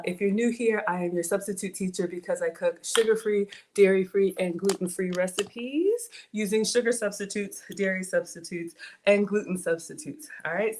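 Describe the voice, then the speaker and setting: A woman's voice: medium pitch, a little mellow. A middle-aged woman hosting a casual home cooking livestream, playful and chatty as she greets viewers by name. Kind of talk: casual live cooking stream chat. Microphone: streaming from home setup.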